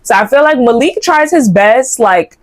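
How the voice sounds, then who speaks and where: A woman's voice: fairly high pitch, normal speed. Chatty young woman hosting a couple's talk. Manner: laughing, animated, acts out quotes. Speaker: podcast host. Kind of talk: casual couple's chat.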